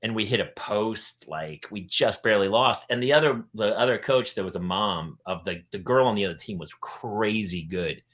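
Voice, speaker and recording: A middle-aged man hosting a casual panel chat, telling stories and jumping into loud, high voices when he quotes people. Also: normal speed, hardly any pauses. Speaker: host.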